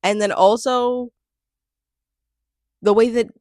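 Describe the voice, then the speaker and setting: A woman's voice: fairly high pitch, steady tone, slow pace, darkish tone, no echo, clean studio sound. A young woman from Minnesota casually recapping a reality show, chatty and sarcastic, laughing often and trailing off mid-thought. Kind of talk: casual chat.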